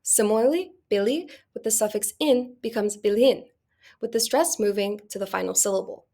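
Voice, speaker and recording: Young female student presenter giving a scripted class talk at a steady pace. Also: mid-range voice, normal speed. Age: young adult.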